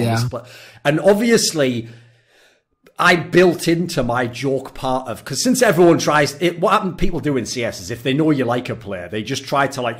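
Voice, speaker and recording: A man hosting a podcast, telling stories in an animated way, laughing and swearing often. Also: mid-range voice. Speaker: podcast host. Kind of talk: casual podcast chat.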